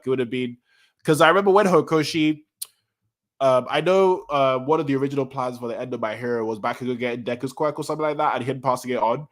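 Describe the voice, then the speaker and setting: A man streaming a casual manga reaction, rambling excitedly and correcting himself as he goes. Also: mid-range voice. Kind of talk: casual live-stream talk.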